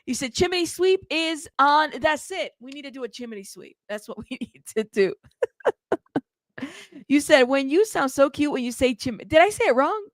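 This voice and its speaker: A woman with a high-pitched voice and lively intonation hosts a casual live news commentary show, speaking at a moderate pace. She's chatty and playful, laughing often as she reads out viewer comments. The audio is clean studio sound with no room noise.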